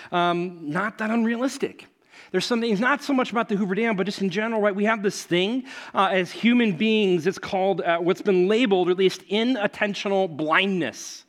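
Pastor, young man, a touch higher than usual, chatty storytelling sermon with loose fillers. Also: a little fast. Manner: casual, storytelling, many fillers, laughs at own stories.

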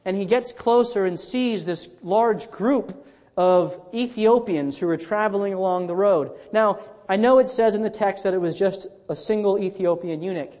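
A man's voice: high voice, a little mellow, big-room sound. A man pastor preaching a sermon in a conversational storytelling way, often restarting his sentences.

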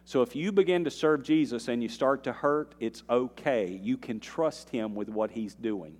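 A pastor's sermon fills a large church sanctuary with long, echoing reverb as he speaks at a moderate pace in a middle male pitch. His delivery alternates quiet sincerity with rising loud intensity, sprinkled with homespun remarks to the congregation.

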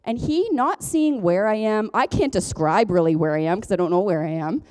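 Lady pastor, chatty and jokey, talks to the church like friends, average pitch. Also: animated, moderate pace, darkish tone. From Ontario, Canada. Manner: chatty, self-deprecating, jokes and laughs often. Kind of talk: conversational sermon.

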